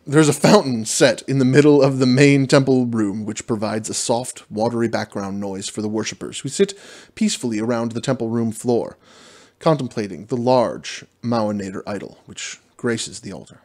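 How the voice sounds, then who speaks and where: A man's voice: medium pitch, normal speed, darkish tone. Man narrating a solo fantasy adventure. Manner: self-deprecating, stumbles over fantasy names. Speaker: dungeon master playing a solo adventure. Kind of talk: reading a gamebook aloud with casual asides.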